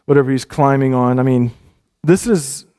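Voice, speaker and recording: A male pastor giving a sermon, telling a scripture story with animated, repetitive phrasing and frequent restarts. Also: mid-range voice, normal speed, clear, resonant tone.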